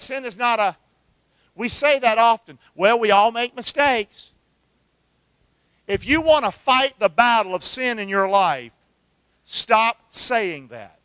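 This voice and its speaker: A man's voice: very high-pitched, sharp tone, clean tone, no room sound. A middle-aged man, preaching a sermon and calling out questions for the congregation to answer back. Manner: call-and-response preaching, asks the congregation to answer. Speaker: pastor.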